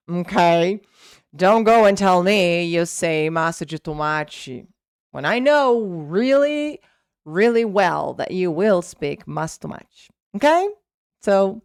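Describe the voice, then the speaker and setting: A woman's voice: fairly low pitch, clean tone, no room sound, clean studio sound. A young Brazilian woman with a Brazilian Portuguese accent, hosting an English lesson and explaining pronunciation, repeating words as drills. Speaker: English teacher and channel host.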